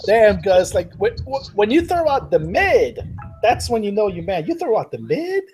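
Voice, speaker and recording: A man co-hosting a casual fight chat, reacting excitably and breaking into its points. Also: high voice, faint music behind. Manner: excitable, quick to laugh and react. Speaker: co-host.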